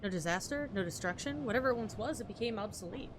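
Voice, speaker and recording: A woman voicing a curious young woman explorer who speaks in a low, measured, musing way. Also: expressive, background noise, close to an everyday voice.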